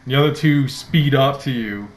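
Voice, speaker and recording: A man narrating a tabletop game as dungeon master, in a slow, dramatic storytelling manner, speaking into a headset. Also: medium pitch, slight background noise.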